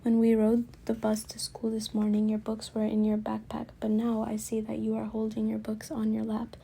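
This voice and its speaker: A woman's voice: on the high side, monotone, moderate pace, gravelly, warm tone, slightly rough. A woman reading the lines of an odd schoolboy who speaks in a fake British accent like a mock detective. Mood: mock-serious.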